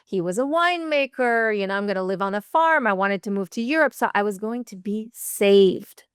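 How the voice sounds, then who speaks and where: A woman's voice: mid-range voice, expressive, moderate pace, smooth, no echo, clean studio sound. A woman relationship coach telling a personal story in a podcast interview, acting out quoted dialogue and laughing often.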